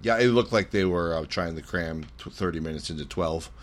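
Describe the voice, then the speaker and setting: A man co-hosting a casual wrestling podcast, laid-back but animated, with some swearing. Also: sits low, fairly quick. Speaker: podcast co-host.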